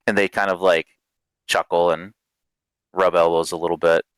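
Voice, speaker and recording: A low-voiced man narrates a tabletop game as game master. He speaks slowly and casually, with lots of fillers and restarts. His voice is smooth and lively, recorded close and dry. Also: no echo.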